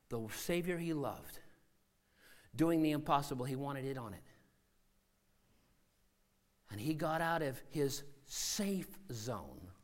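A man preaching a sermon as a missionary, acting out scenes and voices and swinging from shouting to hushed tones. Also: medium pitch.

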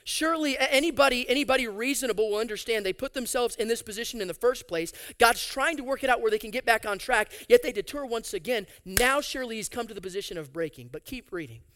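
A man preaching a sermon, reading scripture aloud and adding animated, sarcastic asides. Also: very high voice, quick pace, few pauses. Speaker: pastor.

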